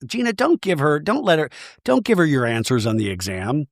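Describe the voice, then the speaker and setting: A man hosting a podcast, giving a comedic, profane recap of a reality show in an animated way. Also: on the high side, fairly quick, vocal fry, no room sound, studio quality. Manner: animated, profane, quotes cast members. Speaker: podcast host.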